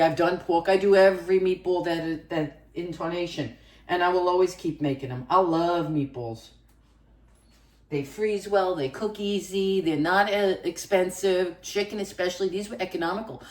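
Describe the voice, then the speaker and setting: Lady rambling through a cooking vlog, kinda low voice, echoey kitchen, mic a ways off. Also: a little mellow, far from the mic. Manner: chatty, rambling asides while cooking. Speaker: cooking channel host. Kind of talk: casual cooking vlog chat. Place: home kitchen.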